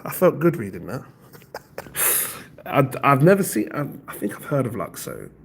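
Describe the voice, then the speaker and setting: A man's voice: mid-range voice, sing-song, moderate pace, gravelly, a bit bright, slight background noise. A man hosting a casual crypto livestream from home, rambling as he reads out viewer comments and web pages. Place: home, near his kitchen.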